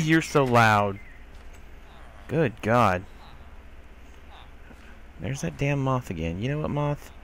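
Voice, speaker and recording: Speaking slowly with long pauses, a man with a medium-pitched, expressive and fairly bright voice gives casual let's-play commentary over slight background noise. He grumbles in exasperation at the game he's playing, scolding the on-screen characters directly and swearing mildly.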